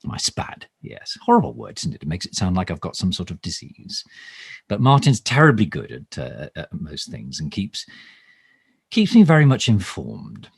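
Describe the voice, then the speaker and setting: A man's voice: low-pitched, huge pitch swings, moderate pace, gravelly, slightly rough, dry recording, clean studio sound, exaggerated voice. A man playing a bumbling, pompous government minister in a mock live stream, rambling and stammering through ums and restarts. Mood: self-important. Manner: pompous, overly formal. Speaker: satirical minister character. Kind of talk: improvised comic monologue, mock live stream.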